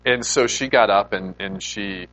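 Man, pastor, low voice, relaxed conversational sermon, rhetorical questions. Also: unhurried, lo-fi sound. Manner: informal, asks the listeners rhetorical questions.

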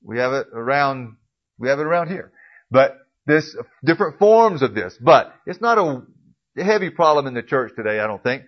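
A man teaching a casual Bible class in a church classroom. He clears his throat often and corrects himself as he goes. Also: medium pitch, very animated, normal speed. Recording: dull lo-fi recording.

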